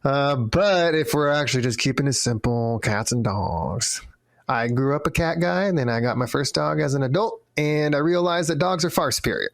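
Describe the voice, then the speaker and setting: A man trades jokes on a casual podcast. His voice is mid-pitched and recorded close and dry. He laughs often and slips into funny voices when he tells a story. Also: lively intonation, normal speed, gravelly, no echo. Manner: joking, laughs often, acts out voices in stories. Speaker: podcast co-host.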